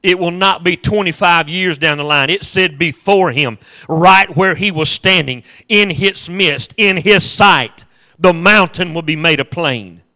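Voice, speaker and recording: A man's voice: high-pitched, unhurried, bright, forceful tone. A male pastor preaching a sermon with impassioned repetition and humorous storytelling.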